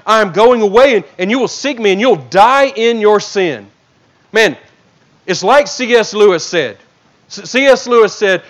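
A man preaching an expository sermon, swinging between loud emphatic bursts and soft low drops, often stammering and restarting. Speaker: pastor.

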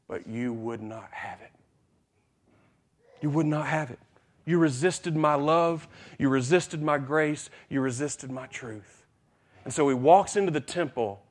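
A man preaching a sermon, repeating phrases for emphasis and swinging between hushed, quiet passages and loud, excited buildups. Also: fairly high pitch, measured pace.

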